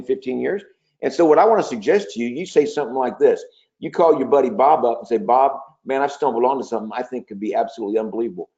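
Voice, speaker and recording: A man's voice: mid-range voice, mellow. Male sales trainer, persuasive coaching tone, muffled webinar sound. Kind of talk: webinar training talk with role-play. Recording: dull lo-fi webinar audio.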